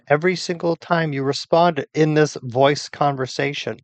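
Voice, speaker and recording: A man's voice: on the high side, fairly even intonation, normal speed, few pauses, dry recording, muffled recording. A middle-aged man furiously cursing and insulting an AI voice assistant in an angry rant. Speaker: user arguing with an AI voice assistant.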